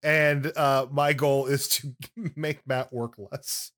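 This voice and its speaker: A young man co-hosting a casual podcast, teasing his partner with quick joking banter. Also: medium pitch, level tone, a bit bright. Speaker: podcast co-host.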